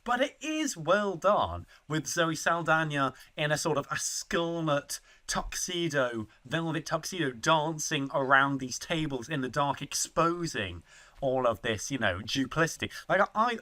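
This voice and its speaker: A man's voice: a little high, sharp tone. A man co-hosting a film podcast, giving a thoughtful, hedged opinion with stammered restarts. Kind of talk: casual film discussion.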